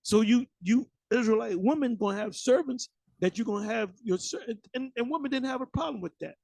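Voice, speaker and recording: Gravelly high-voiced blunt preacher man. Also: fairly quick, a little mellow, no echo, poor audio. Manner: blunt and profane, many restarts and repeated words. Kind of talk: informal preaching to camera.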